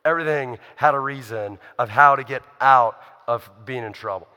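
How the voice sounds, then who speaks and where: A man's voice: mid-range voice, moderate pace, pushed and bright, clear, resonant tone, in a large hall. A man preaching a sermon in a conversational, emphatic way, asking the listeners rhetorical questions. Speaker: pastor.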